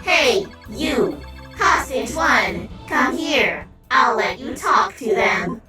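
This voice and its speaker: A woman's voice: on the high side, big pitch swings, slow pace. An actress voicing a scornful, gloating woman who controls robots, in a game cutscene. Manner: mocking, gloating. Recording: distant echoey game audio with music.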